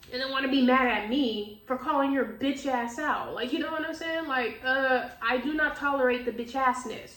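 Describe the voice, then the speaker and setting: A woman's voice: high-pitched, normal speed, hardly any pauses, fairly bright tone. A woman giving a casual tarot reading, talking bluntly with lots of swearing and frequent laughs. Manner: blunt, profane, laughs often. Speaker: tarot reader. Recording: echoey room, distant mic, faint noise.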